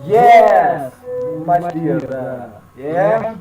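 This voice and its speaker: A male piano teacher speaks slowly in a high-pitched voice, patient and given to repeating his words. He is heard from some distance in a roomy space, with a piano playing clearly behind him. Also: lively intonation. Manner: patient, repeats phrases, laughs often, halting non-native English. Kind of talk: live online piano lesson.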